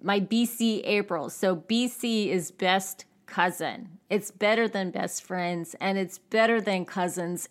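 A woman in her forties hosting her own podcast, talking casually and expressively in a solo episode. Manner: chatty and expressive, with jumps in pitch. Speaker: podcast host.

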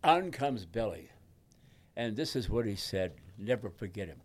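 A man in his nineties from Detroit, telling a personal story as a guest in a halting, emotional and folksy way, with many restarts. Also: on the low side, big pitch swings. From Detroit, USA. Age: 90s. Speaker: guest, veteran and pastor.

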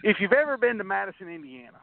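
A man's voice: high voice, sing-song, fast talker, vocal fry, dry recording. A man, a guest, telling rambling anecdotes in a casual interview, often restarting his sentences and acting out what others said. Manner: rambling anecdotes with many restarts and acted-out quotes. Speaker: guest, wrestler. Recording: tinny phone-like, dry sound.

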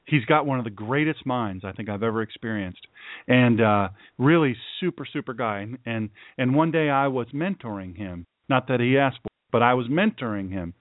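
A man's voice: mid-range voice, expressive, normal speed, no room sound. A male radio host giving an earnest, folksy, preachy monologue with emphatic repeated phrases. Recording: dry, tinny phone-like sound.

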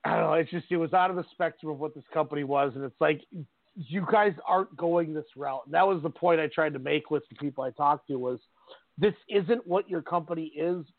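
A man with a high voice co-hosts a casual podcast chat, telling stories with animation and frequent laughter. He comes through a thin, phone-like line with no room sound. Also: fairly quick, no room sound. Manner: animated storytelling, often laughs. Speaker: podcast co-host. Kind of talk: casual chat about wrestling. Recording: tinny phone-like line, dry.

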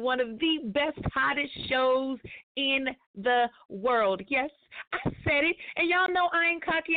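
A woman with a somewhat high voice hosts a live radio show, talking in an upbeat, casual way full of slang. Her voice comes through a narrow, tinny phone-like line.

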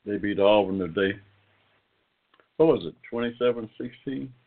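A man's voice: fairly low pitch, normal speed, vocal fry. An older man, hosting a casual internet radio talk show in a rambling, folksy way. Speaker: host. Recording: phone-like call-in line.

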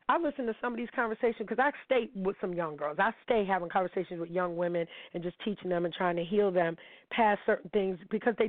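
A woman's voice: mid-range voice, no echo. A middle-aged woman, hosting a candid monologue in a blunt, profane, storytelling manner. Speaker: podcast host. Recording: dry tinny phone-like audio.

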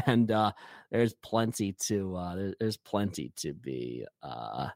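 A man talking hockey in a loose, rambling way, often stopping to restart his sentences. His voice sits low and the recording is dry and close, with no room sound. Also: animated, slow, creaky, dry recording. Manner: rambling, with frequent fillers and restarts. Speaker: podcast co-host. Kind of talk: casual hockey chat.

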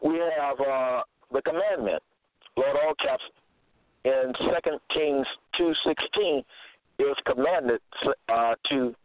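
A man delivers a scripture teaching at a slow, measured pace, repeating key phrases and pausing to check in. His voice sits at an ordinary middle pitch. It comes through a thin, phone-like line with a dry, close sound and no room echo. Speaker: preacher.

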